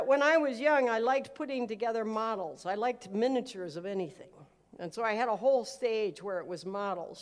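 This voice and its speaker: A woman pastor giving a live sermon, telling stories with humor and acting out prayers loudly. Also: mid-range voice.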